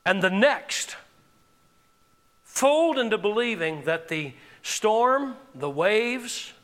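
A man's voice: high-pitched, big pitch swings, takes it slowly, long reverb tail. A man, a pastor, preaching with passion and leading the congregation in call-and-response. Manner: impassioned preaching with call-and-response, rising to shouts. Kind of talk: sermon. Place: church sanctuary.

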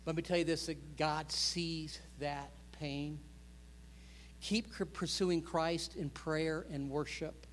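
A man in his fifties preaching a sermon, building to loud, impassioned stretches and acting out quoted prayers. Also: fairly high pitch, steady tone, slow pace, in a large hall, slight background noise. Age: 50s. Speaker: pastor.

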